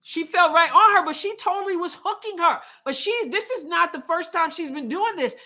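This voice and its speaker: A woman's voice: extremely high pitch, a little fast, bright, forceful tone. A woman hosting a live watch party, reacting emotionally and indignantly to a basketball game as it unfolds. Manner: emotional, exclaiming, indignant about calls. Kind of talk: live reactive sports commentary.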